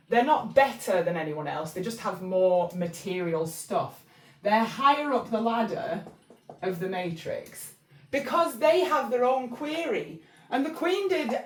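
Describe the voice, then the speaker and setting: A woman's voice: on the high side, far from the mic. Rambling Englishwoman in an echoey room. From England. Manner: rambling, chatty, many fillers and restarts. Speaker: channel host. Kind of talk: casual spiritual talk. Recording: echoey room, voice somewhat off-mic.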